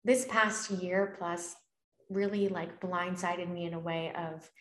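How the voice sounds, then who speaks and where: A woman speaks earnestly and reflectively, co-hosting a casual conversation about spiritual matters. Her voice sits a little low for a woman. The room adds a noticeable echo. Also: steady tone, takes it slowly, a bit bright.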